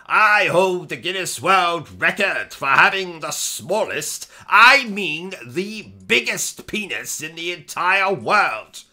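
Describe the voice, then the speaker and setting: A man's voice: high-pitched, sing-song, takes it slowly, few pauses, bright, forceful tone. A man hosting comic gameplay commentary, boastful, pompous and insulting. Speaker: gaming comedy host.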